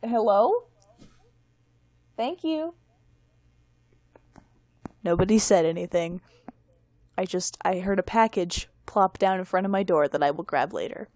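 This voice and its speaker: A woman's voice: mid-range voice, expressive, a little mellow, no echo. A young adult woman telling a personal story on a casual podcast, rambling and mocking herself. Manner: rambling and self-mocking, quick laughs. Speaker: guest.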